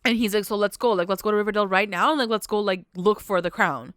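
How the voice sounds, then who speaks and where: A woman's voice: medium pitch, fast, fairly bright tone, clear, resonant tone, no room sound, studio quality. A young woman co-hosting a casual recap podcast, chatty and blunt with casual swearing. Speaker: podcast co-host. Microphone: podcast mic.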